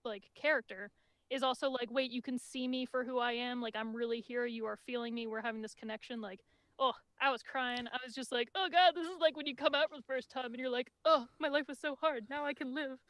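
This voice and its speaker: A woman leads a casual review chat, talking quickly in a high voice and tumbling through her thoughts with lots of "like." Her sound is dry and close, from a home mic on a video call. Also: dry recording. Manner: excitable, chatty, lots of "like". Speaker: podcast host.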